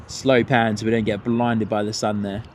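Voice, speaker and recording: A man hosting a live plane-spotting stream outdoors at an airport, chatting with viewers in a rambling way, with many fillers and restarts, and excited by good landings. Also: fairly low pitch, normal speed. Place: outdoors at an airport viewing spot. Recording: outdoor traffic noise. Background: outdoor traffic and ambience.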